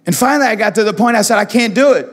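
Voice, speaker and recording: A male pastor preaching a sermon with passion, repeating phrases, swinging from hushed tones to loud. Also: sits high, rapid-fire. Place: church hall. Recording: church hall with long reverb, soft music.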